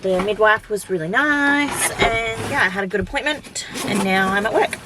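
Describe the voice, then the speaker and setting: A woman's voice: mid-range voice, moderate pace, heavy background noise. A young woman vlogging in a casual, rambling chat to camera, filling her talk with "like". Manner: chatty, rambling, full of "like" fillers.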